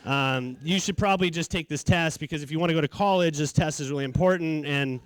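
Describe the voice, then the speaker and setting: A middle-aged man from California telling his story in a casual, animated way, acting out what people said. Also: fairly high pitch, fast talker, clean tone. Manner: casual, animated, acts out quotes. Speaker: charity founder, speaker. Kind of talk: storytelling talk.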